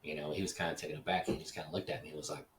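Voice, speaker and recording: Low-voiced man, casual storyteller, profane and rambling, distant mic. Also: little pitch movement, racing, roomy sound, slight background noise. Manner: profane, rambling, reflective, acts out dialogue. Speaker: podcast host. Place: echoey house.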